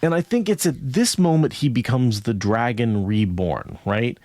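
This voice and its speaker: A man's voice: mid-range voice, expressive, normal speed, hardly any pauses, mellow, dry recording. A man co-hosting a podcast, talking through a book in a casual, rambling way, checking in with "right?" as he goes. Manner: thoughtful, rambling with many "right?" asides. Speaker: podcast co-host.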